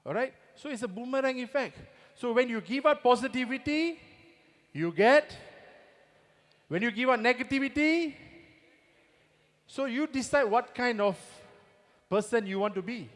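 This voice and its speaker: High-voiced Singaporean man in a hall. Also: lively intonation, moderate pace, a bit bright. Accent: Singaporean English. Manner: rhetorical, keeps asking the audience to agree. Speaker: motivational speaker. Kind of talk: motivational stage talk. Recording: long reverb of a big hall.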